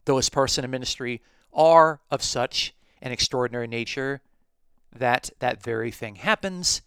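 A man hosting a talk podcast, reading from commentaries and explaining them in a measured way. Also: mid-range voice, a bit bright, smooth, dry recording. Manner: measured, explanatory, quotes sources aloud. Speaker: podcast host.

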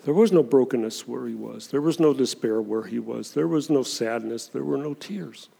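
A man with a gravelly, mid-pitched voice preaches in an easy, conversational way, leaning dramatically into the verses he quotes. His words ring with the long reverb of a church hall. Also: normal speed, dark tone. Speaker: pastor. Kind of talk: sermon.

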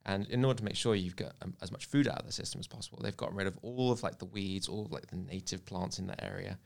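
A man explaining an issue in a relaxed chat, his speech full of "like" and small restarts. His voice is low with a noticeable gravelly fry. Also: fast talker. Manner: explaining, filler-heavy with frequent "like". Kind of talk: casual chat.

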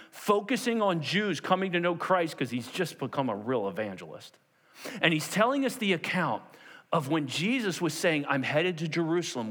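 A man preaching a sermon to a congregation, animated and acting out the scenes of the story in different voices. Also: on the high side, big-room sound. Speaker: pastor.

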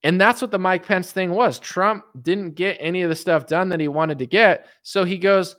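Young guy ranting about politics, kinda high voice, blunt and rambly, swears a lot, dry close sound. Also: moderate pace, fairly bright tone, no echo. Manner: rambling, emphatic, blunt, swears, repeats himself. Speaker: political commentator. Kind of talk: unscripted political rant.

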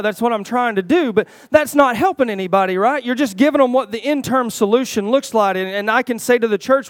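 A man's voice: fairly quick, few pauses, no room sound. A man preaching a folksy sermon who often asks the church "Is that right?" and stumbles over repeated words. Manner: rises louder and higher toward the close.

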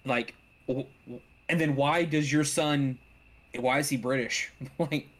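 A man in a relaxed movie talk, full of stops, restarts and emphatic asides. His pitch sits in the middle of the male range, and his words tumble out in bursts when he gets going. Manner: halting, restarts often, emphatic. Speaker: podcast host. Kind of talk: casual movie review chat.

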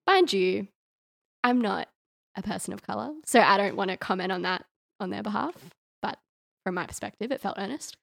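A woman's voice: medium pitch, lively intonation, moderate pace, creaky, a bit bright. A woman co-hosting a casual chat, speaking earnestly and thoughtfully. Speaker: podcast co-host.

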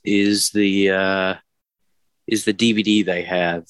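A man's voice: low-pitched, flat delivery, takes it slowly, fairly bright tone, smooth, dry recording. A man chatting on a podcast, hesitant with plenty of fillers. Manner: hesitant, lots of fillers, laughs easily. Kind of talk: casual podcast chat.

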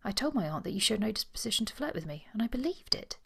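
A woman's voice: mid-range voice, big pitch swings, fast talker, creaky, slightly rough, pitched above the performer's own voice, full character voice. A woman voicing a flustered young lady. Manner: stammering, prim. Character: young gentlewoman, flustered and proper.

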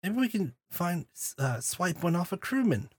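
A man's voice: sits high, big pitch swings, normal speed, slightly rough, dry recording, studio quality. A man playing a tabletop role-playing game, laid-back, laughing often. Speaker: player.

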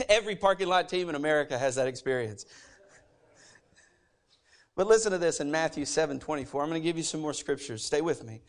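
A pastor preaching a sermon in a church, animated and emphatic, with joking asides. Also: male voice, on the high side, brisk, pauses often. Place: church sanctuary.

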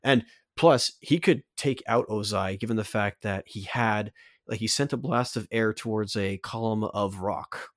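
A man's voice: on the low side, measured pace, no room sound, clean studio sound. Rambling man co-hosting a podcast. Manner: rambling, many restarts and fillers. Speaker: podcast co-host. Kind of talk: casual chat, scene-by-scene breakdown.

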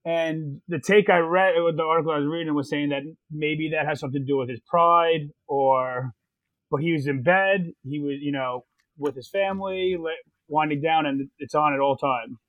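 A man with a fairly high voice, recorded in a dry space with no room sound. He talks quickly and agreeably and restarts his sentences often. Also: dry recording, phone-quality sound. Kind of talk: casual film discussion.

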